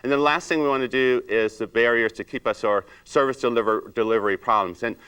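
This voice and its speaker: Guy teaching a salon training seminar, average pitch, acts out client chats. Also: fast talker, fairly bright tone, clean tone. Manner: asks the room rhetorical questions.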